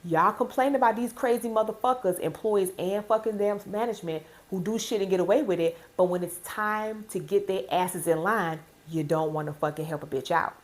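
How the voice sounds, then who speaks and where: A woman's voice: medium pitch, brisk, hardly any pauses, rough recording. A woman giving blunt, profane workplace advice to fellow postal workers, repeating her key points with emphasis.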